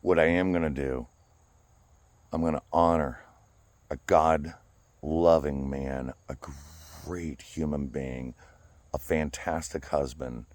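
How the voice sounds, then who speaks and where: A man speaking in a personal vlog outdoors, talking earnestly and haltingly, often repeating words as he restarts. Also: very deep voice, fairly even intonation, darkish tone, dry recording. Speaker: vlogger. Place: outdoors by a flagpole.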